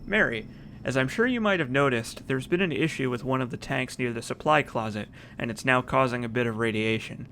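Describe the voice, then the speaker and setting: A man's voice: mid-range voice, a little fast, pushed and bright, a little hiss or hum. A man streaming a video game, chatting casually and reading in-game notes aloud. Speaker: let's play streamer. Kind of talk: casual gameplay commentary.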